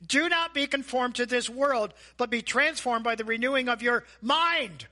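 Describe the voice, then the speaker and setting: A man preaching a sermon as a pastor, animated and asking the congregation questions. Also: extremely high pitch, moderate pace. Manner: animated, acts out voices and asides; asks the audience questions.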